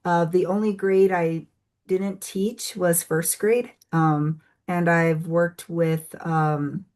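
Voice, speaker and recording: A woman speaking as a guest on a podcast, an assistant professor, talking in an unhurried, thoughtful way with many fillers. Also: on the low side, fairly even intonation, a little mellow. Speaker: assistant professor, incoming association president.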